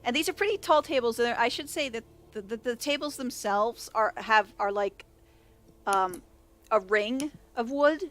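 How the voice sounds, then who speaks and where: A woman's voice: fairly high pitch, moderate pace, fairly bright tone. A woman narrating as game master in a tabletop game, rambling and correcting herself as she describes scenes. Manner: rambling, self-correcting, laughing often. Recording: faint background music.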